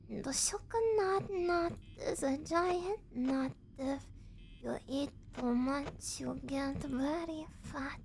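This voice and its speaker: Hushed foreign assassin woman, put on by a female streamer; low, clipped, slow. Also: slight background noise, full character voice, rough recording. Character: cool foreign female assassin, vague accent.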